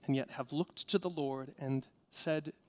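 Impassioned male pastor, somewhat high voice. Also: steady tone, a little slow. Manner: earnest, rhythmic repetition, swinging from hushed to impassioned. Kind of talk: sermon.

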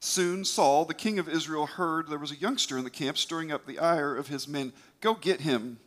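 A man's voice: a little high, fairly even intonation, a little fast, a bit bright. A man retelling a scripture story as a preacher, emphatic, with occasional stumbles.

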